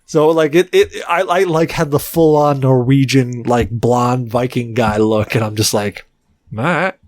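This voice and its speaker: A man's voice: medium pitch, a little slow, no room sound. Rambling, chatty male podcast storyteller. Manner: rambling, heavy use of "like"; animated anecdote teller. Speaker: podcast co-host. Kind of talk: casual storytelling chat.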